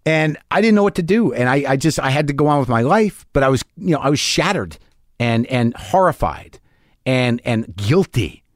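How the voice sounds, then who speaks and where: A man who is a comedian telling a personal story in an animated, profane, emotional way, acting out what he said back then. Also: mid-range voice, moderate pace, dry recording, clean studio sound. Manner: animated, profane, emotional, acts out his own past lines. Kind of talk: storytelling in conversation.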